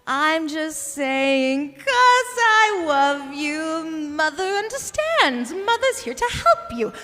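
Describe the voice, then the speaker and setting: A woman's voice: high-pitched, big pitch swings, slow, bright, forceful tone, big-room sound, exaggerated voice. A woman playing a possessive, manipulative mother, singing and speaking her lines with theatrical drama in a live cabaret. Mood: theatrical guilt-trip. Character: possessive manipulative middle-aged mother, guilt-tripping.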